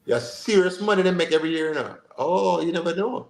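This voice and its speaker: Brief: man co-host, talkative and rambling, fairly high voice, echoey room. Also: fairly quick, vocal fry. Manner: animated, rambling, full of fillers and asides. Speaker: podcast co-host. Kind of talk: casual chat. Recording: roomy echo.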